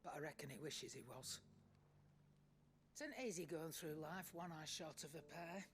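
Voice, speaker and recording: A woman's voice: sits low, moderate pace, faint music behind, natural voice. An actress playing a shrewd, vengeful older woman trader with a Scouse accent, speaking bluntly with dry humour. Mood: wry. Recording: game audio with faint ambience.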